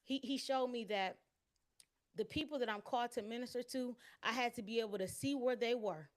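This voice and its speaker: A woman's voice: a little high, brisk. A woman telling a candid personal faith testimony in an interview, acting out what people said. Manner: candid, expressive storytelling with quoted dialogue and restarts. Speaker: interview guest.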